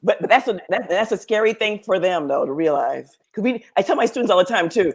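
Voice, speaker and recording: A woman professor in casual panel conversation, animated and laughing often, acting out other people's voices. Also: medium pitch, fairly quick, husky. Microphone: video call.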